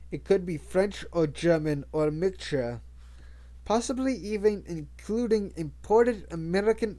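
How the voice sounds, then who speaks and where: A reader narrating a novel aloud in a measured way, with occasional stumbles and restarts. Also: medium pitch, mellow. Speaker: audiobook reader. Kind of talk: audiobook narration.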